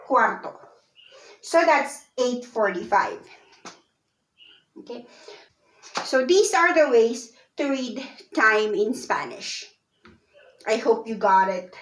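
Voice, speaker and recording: A woman teaching a beginners' language lesson, patiently repeating and spelling out each word. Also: a little high. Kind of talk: slow, deliberate lesson explanation. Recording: echoey room.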